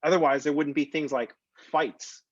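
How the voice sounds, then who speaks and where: A man's voice: a little high, fairly even intonation, normal speed, dry recording, muffled recording. A man teaching a math class in a recorded lecture, talking in a conversational, jokey way that drifts off topic. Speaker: math instructor.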